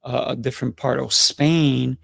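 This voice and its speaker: A man's voice: medium pitch, steady tone, moderate pace, gravelly. A man hosting an interview, chatting casually and telling stories with little asides. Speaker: host.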